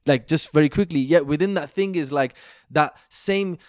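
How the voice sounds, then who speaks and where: A young man, a podcast guest, telling stories in a lively, chatty way, full of slang and fillers. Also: on the high side, moderate pace, no room sound, studio quality. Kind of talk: animated storytelling in casual chat.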